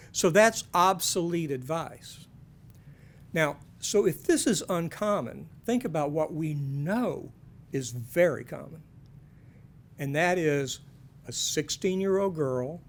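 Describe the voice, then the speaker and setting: A man giving a conversational talk to parents, with folksy joking asides. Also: fairly high pitch.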